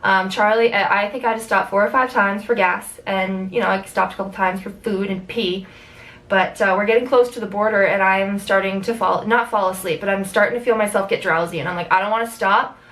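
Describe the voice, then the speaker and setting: A young Canadian woman telling a road-trip story in a casual vlog, animated, swearing freely and acting out what people said. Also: fairly quick, far from the mic, rough recording. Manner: animated, swearing, acts out quotes with big pitch jumps. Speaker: vlogger.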